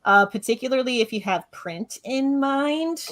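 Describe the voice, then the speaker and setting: A woman's voice: high voice, expressive, measured pace, a bit bright. A woman comic artist on a casual livestream, adding friendly explanations and frequent agreement.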